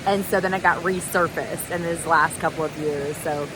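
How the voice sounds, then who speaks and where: With a deep, steady voice at a moderate pace, a woman shares giggly stories of her hike in a casual talk to the camera. This thru-hiker vlogger records outdoors near a waterfall and creek, amid noticeable noise.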